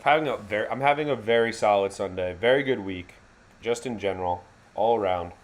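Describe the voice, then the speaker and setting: Hosting a live fan reaction stream, a man with a lowish voice narrates the game play by play, joking casually, using slang, and correcting himself on the fly.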